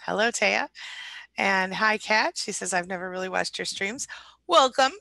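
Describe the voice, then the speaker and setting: A middle-aged woman hosting a live coaching stream, warm and chatty as she greets viewers. Her voice is bright with a touch of vocal fry. The recording is dry and close to the mic. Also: mid-range voice, moderate pace, dry recording. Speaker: relationship recovery coach.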